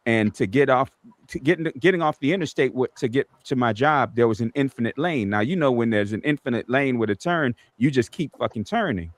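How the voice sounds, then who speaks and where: A man telling profane road stories on a casual podcast, acting out quotes loudly. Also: mid-range voice, fairly quick, no room sound. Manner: animated, acts out quotes loudly. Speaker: podcast co-host.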